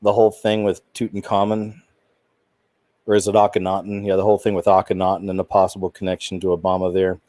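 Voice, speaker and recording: Male host, lowish voice, dry room, rambling and indignant monologue. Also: dark tone, no echo. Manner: rambling, indignant, with trailing restarts. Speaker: channel host. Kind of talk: casual commentary monologue.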